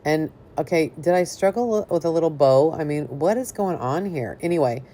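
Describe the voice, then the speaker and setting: A woman's voice: low-pitched, lively intonation, brisk, few pauses, mellow. A middle-aged woman hosting a casual craft tutorial, chatty and enthusiastic, talking straight to her viewers as she works. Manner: chatty, enthusiastic, addresses viewers as "you guys". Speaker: craft video host.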